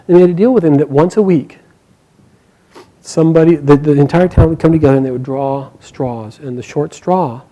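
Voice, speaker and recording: Lively, chuckling male storyteller. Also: fairly high pitch, moderate pace, poor audio. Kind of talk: oral storytelling to a live group.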